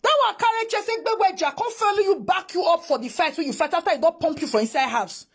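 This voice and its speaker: A woman's voice: very high-pitched, fast talker. A woman with a Nigerian accent, ranting in exasperated reaction commentary, mixing Pidgin and English. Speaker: social media commentator.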